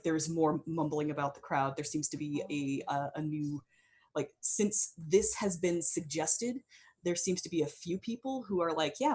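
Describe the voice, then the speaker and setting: A woman's voice: sits low, darkish tone. A woman narrating as game master in a tabletop game, loose and chatty with many fillers.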